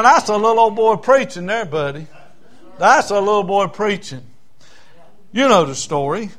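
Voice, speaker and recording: A man's voice: high voice, expressive, normal speed, long pauses, fairly bright tone. A man with a Southern US accent preaching a folksy, fervent sermon, retelling a Bible story. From South Carolina.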